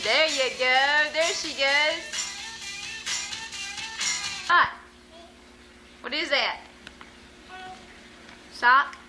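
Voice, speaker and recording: A woman's voice: sits high, very slow, long pauses, over music, low-quality recording. A woman, a mother, using coaxing sing-song baby talk with her toddler.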